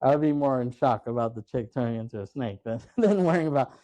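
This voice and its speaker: A man's voice: medium pitch, expressive, fast, mellow, no room sound. Laid-back man recapping a movie. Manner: rambling retelling, full of fillers and swearing. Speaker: podcast host. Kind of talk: casual movie recap chat.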